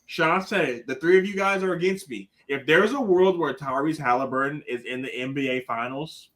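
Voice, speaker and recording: Bright, high-voiced, animated man. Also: normal speed. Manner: animated storyteller, swears freely. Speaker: podcast panelist. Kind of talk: casual sports chat.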